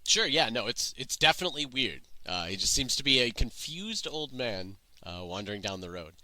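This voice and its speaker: A man running a tabletop game as game master, narrating with lively stumbles. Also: mid-range voice, moderate pace, no echo, low-quality recording. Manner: lively, stumbling over words.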